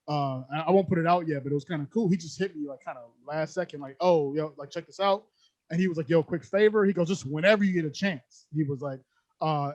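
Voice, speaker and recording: A young man co-hosting a podcast, telling a story in animated, slangy casual chat and laughing often. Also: fairly high pitch, dry recording. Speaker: podcast co-host.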